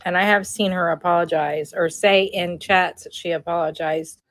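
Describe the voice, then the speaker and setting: A woman co-hosting a stream, recapping events in a matter-of-fact, even-handed way. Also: on the low side, normal speed. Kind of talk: casual chat.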